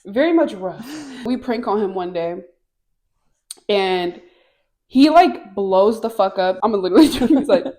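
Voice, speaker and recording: A young woman telling a wild story in casual chat, swearing freely and loudly acting out the people she quotes. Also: mid-range voice, lively intonation, measured pace, pauses often. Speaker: podcast co-host.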